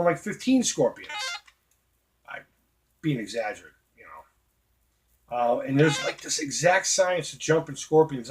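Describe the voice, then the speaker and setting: A man's voice: on the high side, slight background noise. A middle-aged man from Boston with a Boston accent, telling a long profane story while playing a retro video game, full of fillers and asides. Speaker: retro gaming host. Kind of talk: casual gameplay commentary.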